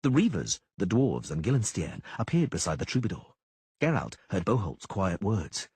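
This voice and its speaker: Husky man narrating an audiobook. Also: on the low side, moderate pace, no room sound. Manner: dramatic, lively reading. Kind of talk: scripted narration.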